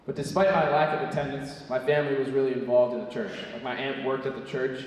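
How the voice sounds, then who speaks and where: A brash young man performing stand-up in a theatre, cursing freely and checking in with the room as he goes. His voice sits at an ordinary pitch and comes from well off the microphone. It carries a long, echoing hall reverb over a faint hiss. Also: steady tone, fast. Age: young adult. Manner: brash, profane, tosses in asides like "right?". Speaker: stand-up comedian. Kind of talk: stand-up comedy set. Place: theatre stage before a live audience. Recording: echoey theatre hall from far off.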